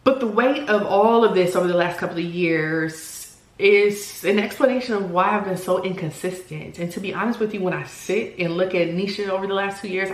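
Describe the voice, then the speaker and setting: A woman in her forties who talks candidly and earnestly in a personal vlog, often pausing to search for words. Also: mid-range voice, echoey room. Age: 40s. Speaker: vlogger.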